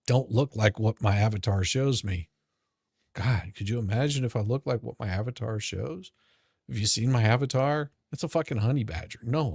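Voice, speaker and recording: A man's voice: mid-range voice, darkish tone, slightly rough, dry recording, clean studio sound. A man streaming a profane, sarcastic rant of commentary, mocking the people he talks about. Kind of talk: ranting commentary. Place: home streaming setup.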